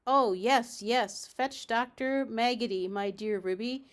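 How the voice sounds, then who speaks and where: A woman voicing a fussy, easily panicked lady dog in a storybook read aloud, her voice raised high and anxious. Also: slow pace. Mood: anxious, wailing. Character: fretful lady dog, dramatic, prone to panic.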